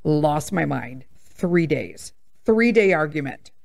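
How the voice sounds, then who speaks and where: Podcast host, woman, 50s, blunt and sassy, very expressive pitch. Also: takes it slowly, gravelly. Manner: blunt, animated storytelling with laughs and sass. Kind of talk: candid casual monologue.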